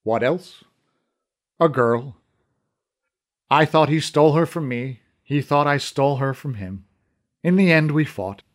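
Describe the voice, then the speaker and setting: A man voicing an old, troubled archer who speaks slowly, in a low and halting way. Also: close to an everyday voice. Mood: wistful. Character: old troubled male archer, gruff and brooding.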